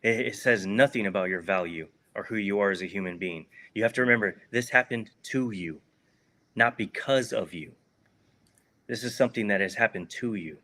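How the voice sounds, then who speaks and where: A former prisoner, appearing as an interview guest, gives a heartfelt and reflective answer, earnestly repeating words for emphasis. His pitch is fairly low, his tone sharp, and he speaks at a normal speed.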